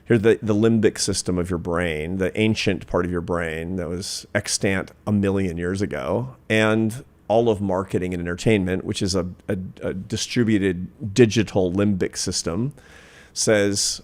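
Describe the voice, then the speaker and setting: Brief: man, 50s, low voice, interview guest, reflective storyteller who lands his points with force. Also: fairly even intonation, unhurried. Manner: earnest, reflective, builds to emphatic points. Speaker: guest, social scientist.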